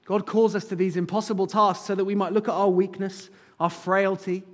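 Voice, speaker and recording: A church pastor preaches in a sanctuary with a long hall reverb, his voice sitting high and his brisk delivery flat. He speaks earnestly and rises to fervent appeals.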